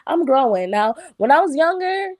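A woman's voice: high voice, moderate pace, no echo. A young woman, chatting casually on her own show, with lots of "y'all" and laughs between thoughts. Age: young adult. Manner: chatty, animated, frequent "like" and "y'all", laughs often. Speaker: podcast host. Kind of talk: casual solo talk.

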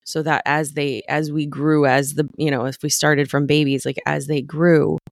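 A woman co-hosting a podcast, talking slowly and reflectively, restarting her sentences as she searches for words. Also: deep voice, little pitch movement, creaky, no room sound, clean studio sound. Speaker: podcast co-host. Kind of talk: casual conversation.

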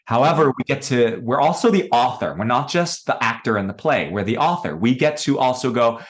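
A man's voice: mid-range voice, lively intonation, brisk. A man speaking as a podcast guest, telling personal stories in a reflective, conversational way and acting out the voices he quotes. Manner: thoughtful, acts out quoted voices.

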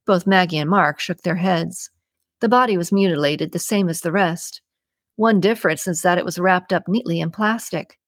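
A woman hosting a podcast, reading a suspense novel aloud in an even, measured way with slight shifts for characters. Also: on the low side, no room sound, studio quality. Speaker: podcast host and audiobook reader. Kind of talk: scripted audiobook narration.

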